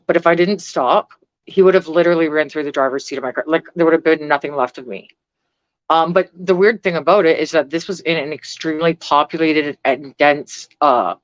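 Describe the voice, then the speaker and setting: A woman's voice: deep voice, no room sound, muffled recording. A middle-aged woman vlogger chatting casually on a live stream, blunt and rambling, swearing freely.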